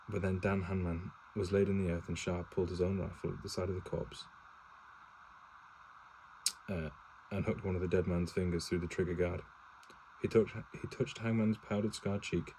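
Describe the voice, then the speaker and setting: Casual home reader, male, low warm voice, stumbling plain read-aloud with self-corrections and cursing asides, no character voices. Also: a little hiss or hum, rough recording. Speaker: reader reading a novel aloud to his partner.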